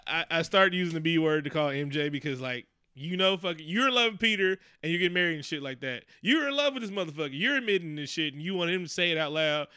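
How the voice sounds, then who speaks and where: A man's voice: a little high, pushed and bright, smooth, no room sound, studio quality. A man co-hosting a casual movie chat, ranting profanely and acting out mock quotes. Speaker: podcast co-host.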